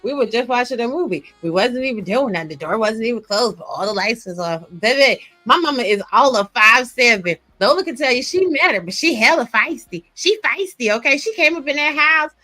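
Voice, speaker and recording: A woman's voice: fairly high pitch, lively intonation, fairly quick, hardly any pauses, sharp tone, no echo, faint music behind. A woman telling a sassy, emphatic story in a casual podcast chat, often stressing points with "okay.".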